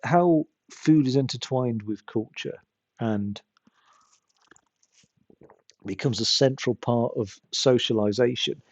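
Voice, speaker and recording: Gravelly streamer chatting. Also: male voice, medium pitch, a little mellow, no room sound, highs cut off. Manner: chatty and self-mocking, laughs at himself. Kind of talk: casual live-stream commentary.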